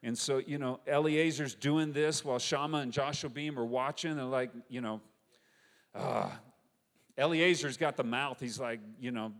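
A man preaching a sermon, retelling a story with animated, conversational energy and acting out the quoted voices. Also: medium pitch, moderate pace. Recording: long hall reverb.

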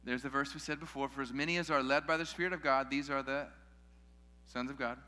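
A man's voice: medium pitch, fairly even intonation, fast, sharp tone. A man preaching a sermon in a casual way, with joking asides to his listeners. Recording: long hall reverb.

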